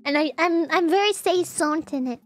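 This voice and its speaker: A woman's voice: extremely high pitch, moderate pace, faint music behind. A woman streamer chatting casually on a livestream, giggly and teasing, laughing often.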